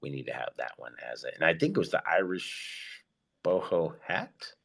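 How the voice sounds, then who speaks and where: A man hosting a casual live audio chat, hyped and excitable, giving slangy shout-outs to his listeners. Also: a bass voice, moderate pace, vocal fry. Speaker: host of an online audio space.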